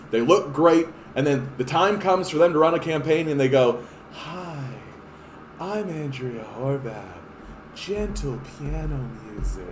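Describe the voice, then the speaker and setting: A man hosting a political podcast, ranting casually with exasperation and frequent swearing. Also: mid-range voice. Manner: animated and exasperated, swears often, frequent fillers. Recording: echoey room, faint hiss.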